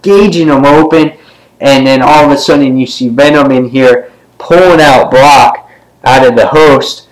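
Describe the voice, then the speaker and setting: A man giving a casual comic book review, retelling the story in a rambling way with many fillers and sometimes jumping up in pitch to act out a character's line. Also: unhurried, low-quality recording. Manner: briefly acts out characters' lines with pitch jumps.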